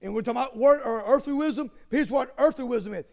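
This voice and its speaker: A man preaching a sermon, repeating phrases and rising to emphatic, near-shouted bursts. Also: very high-pitched, fast, vocal fry, hardly any pauses. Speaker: pastor.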